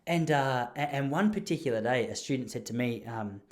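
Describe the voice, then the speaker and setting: A man's voice: medium pitch, lively intonation, a little fast. A young Australian man hosting a podcast, telling casual stories in a chatty, self-deprecating way. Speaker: podcast host. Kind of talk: casual storytelling monologue.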